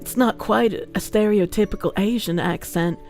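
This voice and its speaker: A woman with a Boston accent putting on the voice of a deep-voiced, leering, flirty admirer while reading a chat message aloud. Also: moderate pace, a little mellow, soft background music, close to an everyday voice. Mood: sultry.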